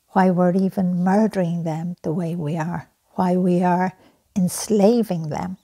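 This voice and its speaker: A middle-aged woman making a heartfelt spoken appeal for a children's charity, soft-spoken and earnest, often slipping into breathy whispers. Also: fairly low pitch, steady tone, unhurried.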